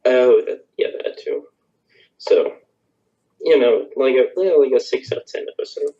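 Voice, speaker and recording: A man's voice: medium pitch, dark tone. Hesitant male guest on muffled audio. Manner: hesitant, halting, mumbly. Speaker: podcast guest. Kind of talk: casual chat.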